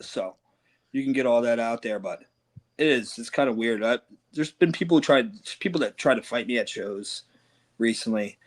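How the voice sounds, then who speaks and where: A man's voice: medium pitch, normal speed. A man, a wrestler, telling loose, profane stories in a casual interview and acting out other people's lines. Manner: loose, profane storytelling with quoted voices. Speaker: professional wrestler, guest.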